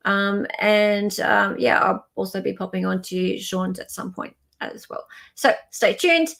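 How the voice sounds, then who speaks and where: A woman's voice: medium pitch, monotone, unhurried, vocal fry, fairly bright tone. A woman hosting a livestream, giving loose, meandering updates to her viewers in casual chat. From Australia. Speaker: livestream host.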